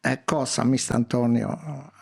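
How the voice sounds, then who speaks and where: A man's voice: mid-range voice, steady tone, moderate pace, creaky, slightly rough. An older man from Italy with a strong Italian accent, a guest chef chatting casually in effusive, broken English. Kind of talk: casual chat.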